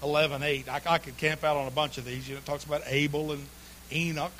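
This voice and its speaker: A man preaching a humorous sermon, telling folksy stories with sudden bursts of shouting and laughter. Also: on the high side, fast talker, slight background noise.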